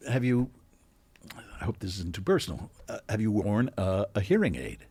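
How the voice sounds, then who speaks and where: A male podcast host with a husky, slightly breathy voice asks his guest curious follow-up questions. His pitch rises and falls expressively as he chats. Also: huge pitch swings, normal speed, darkish tone. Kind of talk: conversational interview questions.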